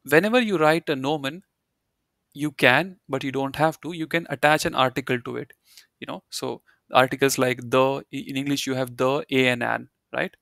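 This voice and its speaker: A man's voice: medium pitch, steady tone, moderate pace, gravelly, a bit bright, no room sound. Man teaching German in a dry room. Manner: explains step by step, repeats key points, says "you know" and "right". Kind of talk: live online language lesson.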